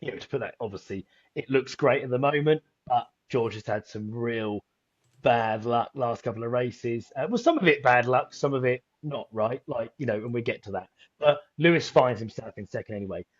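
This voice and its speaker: A man co-hosting a casual racing podcast, rambling and animated, jumping into high voices when he quotes people. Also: normal speed, slightly rough, no echo, lo-fi sound. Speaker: podcast co-host.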